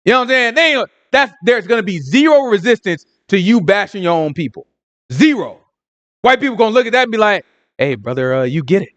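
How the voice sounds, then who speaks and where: A man teaching a Sabbath congregation, his fairly high voice leaping up and down as he fires off rhetorical questions. His delivery is loose and conversational, and the sound is close and dry with little room around it. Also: animated, brisk, fairly bright tone, no echo.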